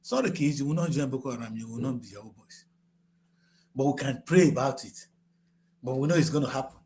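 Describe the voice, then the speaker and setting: A man in his sixties with a Nigerian English accent, giving impassioned political commentary that swings from grave and low to shouting. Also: fairly quick, slight background noise. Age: 60s.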